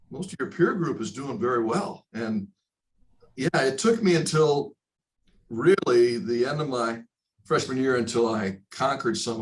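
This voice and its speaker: A man in a relaxed interview, speaking at a middle pitch. His delivery is reflective and stop-start. His pitch leaps high whenever he drives a point home. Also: rough recording. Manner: animated, rises sharply in pitch for emphasis; reflective, talks in short stop-start phrases. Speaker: guest, broadcaster. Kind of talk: storytelling in a casual interview.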